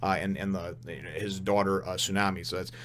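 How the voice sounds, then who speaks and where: A man's voice: deep voice, level tone, brisk, fairly bright tone. A man hosting a casual manga chapter recap, rambling with many restarts and retelling the scenes through quoted dialogue. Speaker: manga reviewer and host.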